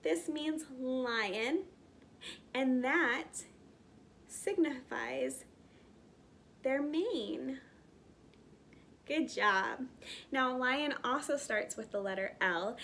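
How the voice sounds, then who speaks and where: A woman teaching preschoolers online as a zoo educator, gently encouraging and reading a picture book aloud with animated storytelling. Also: high voice, takes it slowly, vocal fry, long pauses, a little hiss or hum.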